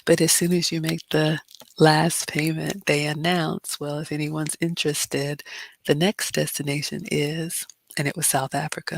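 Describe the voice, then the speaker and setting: A woman's voice: low voice, flat delivery, moderate pace, vocal fry. A middle-aged woman hosting a casual livestream Q&A, giving chatty advice with lots of fillers. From immigrant. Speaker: livestream host.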